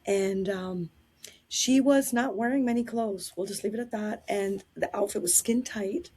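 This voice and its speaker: A woman telling anecdotes in a casual interview, animated and quick to laugh. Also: medium pitch, slightly rough.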